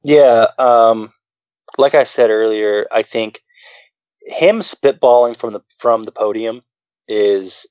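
A man's voice: on the low side, slow, darkish tone, dry recording, lo-fi sound. A man co-hosting a casual political chat, rambling with many fillers and restarts. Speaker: podcast co-host.

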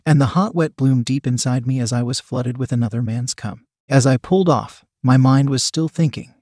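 A man's voice: medium pitch, moderate pace, warm tone, dry recording. Man reading an erotic story, dry sound. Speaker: narrator.

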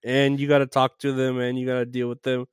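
A man's voice: mid-range voice, monotone, fast talker, clean tone, no room sound, studio quality. Giggly rambling male interview host. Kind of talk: casual interview chat.

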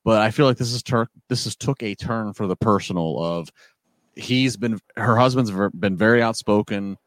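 A man's voice: lowish voice, normal speed, dry recording. A man co-hosting a casual podcast who talks conversationally and often restarts his sentences. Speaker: podcast co-host. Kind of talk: casual wrestling chat.

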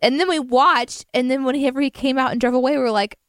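A woman's voice: sits high, fast, smooth, no room sound. Woman, radio co-host, chatty, reads news stories aloud, dry studio sound. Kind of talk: casual news chat.

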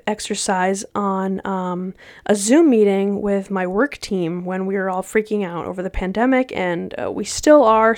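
A woman's voice: mid-range voice, no echo, clean studio sound. A young adult woman hosting a casual solo podcast, chatty and slangy with laughs. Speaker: podcast host.

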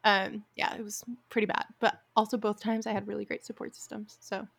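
A woman co-hosting a podcast in a relaxed, joking way, often correcting herself mid-sentence in casual chat. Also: mid-range voice, brisk, creaky. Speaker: podcast co-host and grad student.

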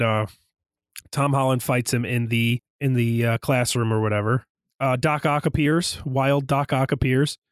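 A young man co-hosting a casual podcast, excitedly retelling movie scenes and jumping into high voices for quotes. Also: dry recording, studio quality. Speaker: podcast co-host.

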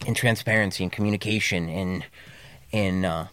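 A man's voice: steady tone, normal speed, clean tone, no echo. Profane, candid man in the studio. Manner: raw and profane, speaks in restarts, drops low and quiet when emotional. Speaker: podcast guest, recovery coach. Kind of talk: candid podcast conversation. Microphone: studio mic.

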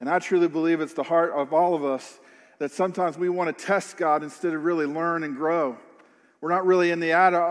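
A man with a notably high voice preaches a sermon, earnest and searching, turning the passage into questions for his listeners. His voice rings out with a long reverb trailing behind it. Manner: earnest, questioning, acts out quoted attitudes. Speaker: pastor.

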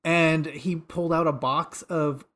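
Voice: mid-range voice, steady tone, a little slow, fairly bright tone. A podcast co-host chatting casually, telling stories in a laid-back, slangy way. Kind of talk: casual chat.

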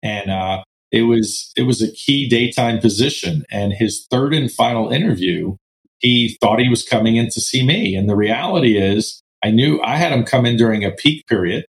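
A man, a business owner being interviewed, telling stories about hiring in a relaxed, agreeable way. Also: medium pitch, normal speed, poor audio. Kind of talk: casual interview chat.

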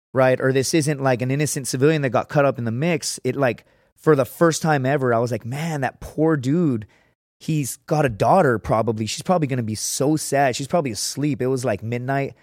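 A man's voice: medium pitch, dry recording, studio quality. A man guest on a podcast, telling a story casually, with lots of fillers and swearing.

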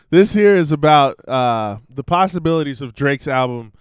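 A man's voice: a little high, animated, normal speed, few pauses, smooth, no room sound. A man hosting a show, giving rambling casual commentary and laughing between thoughts. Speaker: podcast host.

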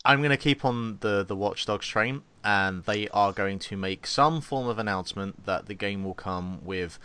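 Low-voiced, hesitant podcast co-host man. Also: moderate pace, pushed and bright, clear, resonant tone. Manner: hesitant, lots of ums, jokey asides. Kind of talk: casual gaming podcast banter.

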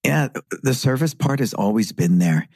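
A man's voice: medium pitch, lively intonation, normal speed, vocal fry, a little mellow, husky, dry recording. A middle-aged man from San Francisco, a martial arts school owner telling his story with earnest reflection in a podcast interview.

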